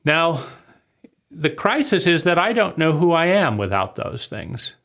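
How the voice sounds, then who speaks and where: A man's voice: fairly high pitch, very animated, measured pace, creaky, fairly bright tone. A man in his forties giving a rambling, conversational monologue of advice, often checking in with "right?". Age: 40s. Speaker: vlogger. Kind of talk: reflective spoken monologue.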